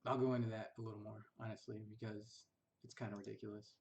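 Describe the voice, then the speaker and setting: A man's voice: lowish voice, level tone, fast talker, creaky, darkish tone, a little hiss or hum. A young man casually recounting his past, rambling and bitter, sometimes mimicking others in a mocking tone. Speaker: vlogger recounting family history. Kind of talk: casual personal storytelling.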